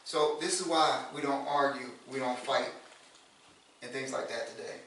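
A man preaching a sermon in a relaxed, conversational way, repeating words and rising to loud emphasis. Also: mid-range voice, moderate pace. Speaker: pastor. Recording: echoey room from far off.

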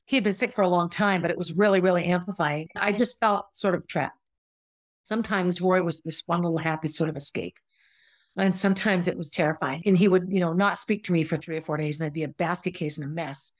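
A middle-aged woman hosts a podcast, speaking briskly in a lowish voice with fairly even intonation and no echo. In a candid, conversational monologue, she tells her own story and acts out what people said to her.

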